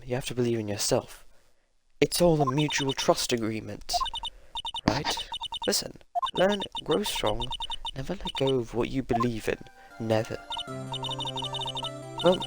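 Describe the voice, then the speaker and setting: A man voicing a calm, wise woman lawyer who mentors and encourages. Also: medium pitch, natural voice. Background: loud game music.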